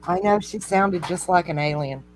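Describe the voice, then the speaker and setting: A woman's voice: lowish voice, normal speed, faint music behind, poor audio. A woman hosting a casual craft stream, chatty and encouraging as she talks through each step. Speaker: host. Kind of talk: casual chat during a craft demo.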